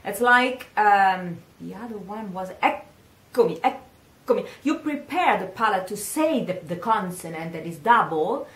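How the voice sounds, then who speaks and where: Italian-accented woman singing teacher, slow and patient coaching, echoey room. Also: medium pitch, expressive. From Italy. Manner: slow, patient, repeats words for practice. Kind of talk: pronunciation lesson.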